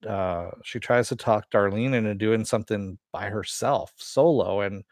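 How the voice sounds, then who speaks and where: Low-voiced man recapping a TV episode. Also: unhurried, darkish tone, dry recording, studio quality. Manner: rambling, many "you know" and "uh" fillers. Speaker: TV episode reviewer.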